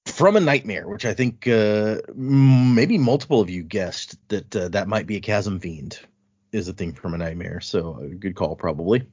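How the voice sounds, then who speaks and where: A man's voice: on the low side, normal speed, darkish tone, husky, no echo. A man co-hosting a casual podcast about a book, retelling scenes and quoting the characters in playful voices. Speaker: podcast co-host. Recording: dry, muffled lo-fi audio.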